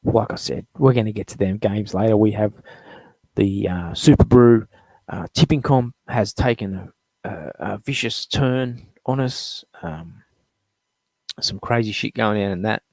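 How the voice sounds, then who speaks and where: A man's voice: fairly low pitch, a little slow, creaky, a little mellow, no room sound. A middle-aged man hosting a live show, ranting bluntly with lots of swearing, rambling between topics. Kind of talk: profane sports fan rant.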